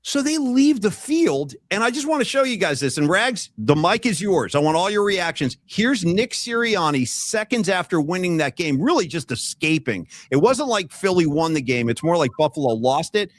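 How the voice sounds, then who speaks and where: A man's voice: high voice, normal speed, few pauses, dry recording. A man hosting a casual sports podcast, telling stories with energy and acting out what others said. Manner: animated storytelling, acting out quotes. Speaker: podcast host.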